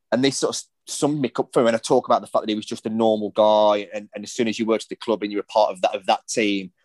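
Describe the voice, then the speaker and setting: A podcast host with a mid-range voice tells rambling anecdotes in casual conversation. His storytelling restarts now and then, and the recording has no echo.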